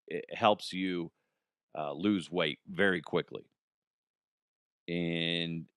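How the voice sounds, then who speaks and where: A man's voice: low-pitched, a bit bright, no echo, clean studio sound. A man hosting a comedic news show, rambling casually with profanity and laughing at his own jokes. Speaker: host.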